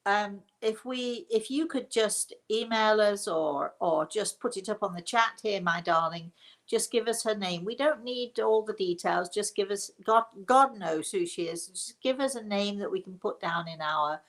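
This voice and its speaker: A middle-aged Englishwoman, a psychic medium and show host, runs a live question and answer stream, talking in a chatty, rambling way with many restarts. Her voice is mid-range at normal speed.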